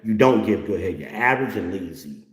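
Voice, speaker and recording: A man's voice: sits low, animated, fairly quick. A man hosting a livestream, talking bluntly and profanely to viewers at home in a preachy tone and calling for amens. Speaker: livestream host. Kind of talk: casual profane monologue to viewers. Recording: roomy echo.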